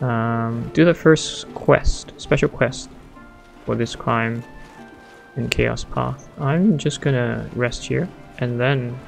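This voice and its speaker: Gravelly-voiced man, excitable gamer thinking aloud, soft game music behind. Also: mid-range voice, slow pace. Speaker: gamer playing a strategy game. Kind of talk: casual let's-play commentary.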